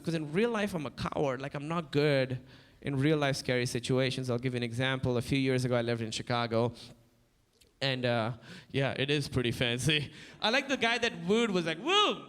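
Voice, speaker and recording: A man from Pakistan telling a stand-up comedy story on stage, animated, breaking into panicked shouted voices. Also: medium pitch, brisk, big-room sound. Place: comedy stage before a live audience.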